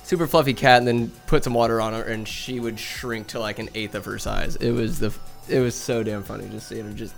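At home beside a bookcase, a young Northern California man casually tells meandering stories about his cats, laughing and cursing along the way. He speaks at a moderate pace in a mid-range voice with vocal fry, over soft background music.

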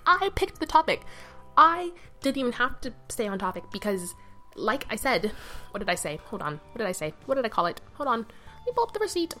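This young adult woman has a fairly high, fairly bright voice. She chats solo on her podcast from her bed, mic propped on her knee, wandering between thoughts with lots of fillers and corrections of herself.

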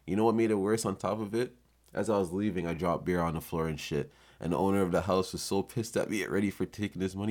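A podcast host with a very low voice tells a story. He is swaggering, casual and profane, and leans back into an unhurried delivery full of asides.

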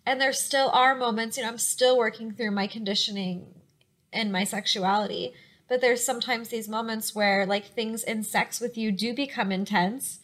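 A young adult woman co-hosting a podcast, talking openly and emotionally in casual chat, with quick bursts and many fillers. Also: a little high, steady tone, fairly bright tone. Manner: open, emotional, talks in quick bursts with frequent likes and you-knows. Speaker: podcast co-host.

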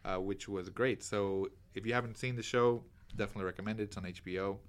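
A man co-hosting a casual podcast, relaxed and jokey, with many fillers as he talks. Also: lowish voice, quick pace. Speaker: podcast co-host.

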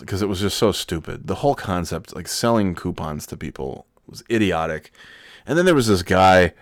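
Young guy podcaster with a deep voice, swearing and joking through a story, dry mic. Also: expressive, moderate pace, no echo. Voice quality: profane, sardonic rant. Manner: mock-earnest, laughs at own jokes. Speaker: podcast host. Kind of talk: comedic storytelling.

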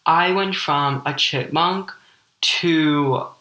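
A teenage girl from Ukraine with a deep voice, hosting a personal podcast and telling her story in a candid, rambling way full of "like" fillers. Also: extremely slow, sharp tone, roomy sound, rough recording. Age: teens. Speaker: podcast host.

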